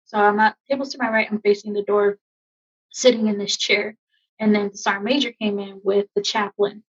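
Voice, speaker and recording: A woman army veteran in her thirties, telling a personal story in a podcast interview, emotional and halting with many fillers. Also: mid-range voice, fairly even intonation, husky. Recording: dull lo-fi sound.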